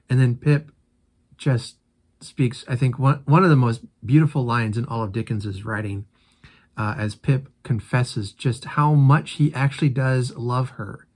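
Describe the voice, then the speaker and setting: A man's voice: mid-range voice, measured pace, a little mellow. A man hosting a casual book commentary, animatedly retelling and reacting to the story. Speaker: host.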